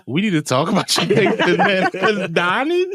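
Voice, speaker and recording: A man's voice: high voice, very animated, a bit bright, no echo. A man appearing as a guest comedian on a podcast, chatting casually, teasing and playful. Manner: teasing, playful, quick to laugh. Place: podcast studio.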